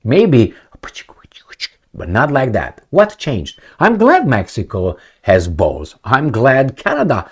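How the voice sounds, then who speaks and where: Opinionated guy ranting solo, lively pitch, blunt, keeps asking rhetorical questions. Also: takes it slowly, breathy edge. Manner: blunt, rhetorical questions, swings loud and soft. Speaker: political commentator.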